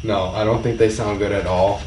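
A man's voice: lowish voice, fairly even intonation, brisk, a little mellow. A young man co-hosting a casual car podcast, laid-back and cursing now and then. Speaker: podcast co-host. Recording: echoey room, mic far off, audible noise.

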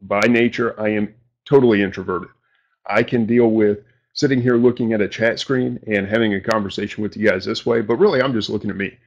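Low-voiced man chatting on a dull stream. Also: fairly even intonation, brisk. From New England. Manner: rambling and informal, with mild slang and self-deprecating asides. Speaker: live-stream show host. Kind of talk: casual live-stream chat.

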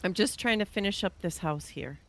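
A woman's voice: lowish voice, brisk. A young woman streaming a survival game, chatting casually, thinking aloud as she builds and thanking viewers from chat. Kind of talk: casual live-stream chat while playing.

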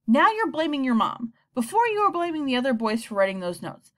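A woman's voice: high voice, big pitch swings, voice pushed up. A woman reading a firm, stern father. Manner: firm, measured. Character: stern middle-aged father, firm and calm. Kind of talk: audiobook character voice.

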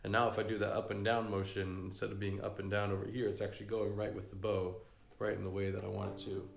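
A man teaching a casual fiddle lesson in a relaxed way, humming rhythms and using many fillers. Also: lowish voice, fast, vocal fry. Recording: echoey room with fiddle playing.

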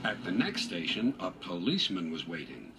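A man reading a children's railway story aloud in an unhurried, expressive storybook manner. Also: sits low, heavy background noise. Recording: music bed under narration.

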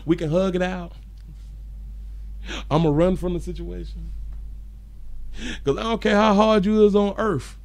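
Male live-stream host, high and raspy, joking, chuckles between reading comments. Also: fairly even intonation, unhurried, pauses often. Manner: chuckles often, loose and joking. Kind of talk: casual live-stream chat, reading viewer comments aloud.

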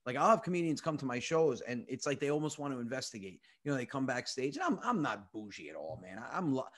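A man's voice: mid-range voice, big pitch swings, fast. A young man, a comedian telling comic stories on a podcast, acting out the people he quotes. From United States. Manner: comic storytelling, acts out quoted voices, swears freely. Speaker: comedian guest. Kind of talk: animated storytelling.

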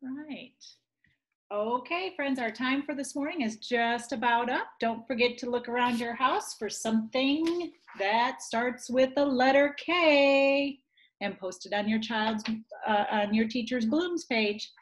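A woman's voice: a little high, a little slow, poor audio. A woman preschool teacher closing an online class and listing supplies for the afternoon.

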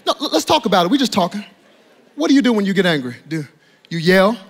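A man preaching as a pastor, playful and animated, joking with the congregation and swinging from loud bursts to hushed tones. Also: sits high, quick pace. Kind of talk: lively sermon. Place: church auditorium.

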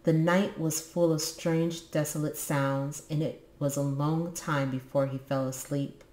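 A woman's voice: low voice, fairly even intonation, unhurried, a little mellow. A woman reading a children's book aloud on her book channel, with casual, musing asides. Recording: echoey room.

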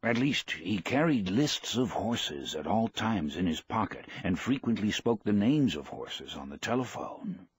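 A proud, gentle old fisherman in a storybook reading, quiet and unhurried, as a male narrator reads him. His voice is low and husky. The sound is close and dry. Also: very animated, dry recording, heavily acted.

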